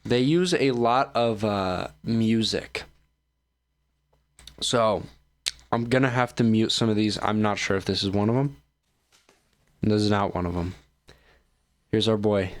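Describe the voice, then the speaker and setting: A man's voice: fairly low pitch, steady tone, measured pace, pauses often. A man hosts his own show and talks through clips in a loose, meandering way. He sounds tired and keeps yawning. He pokes fun at himself as he goes. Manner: joking, self-mocking, loose. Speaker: streamer host reacting to videos. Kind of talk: casual rambling commentary.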